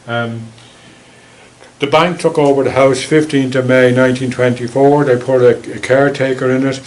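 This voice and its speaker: A man's voice: medium pitch, steady tone, moderate pace, a little hiss or hum, low-quality recording. A man with an Irish accent giving a local history talk with slides, telling stories in a chatty, wry way. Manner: anecdotal, chatty, wry asides.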